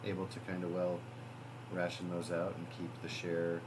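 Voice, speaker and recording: A man narrating as game master of a tabletop role-playing game, relaxed and chuckling between lines. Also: sits low, normal speed, background noise.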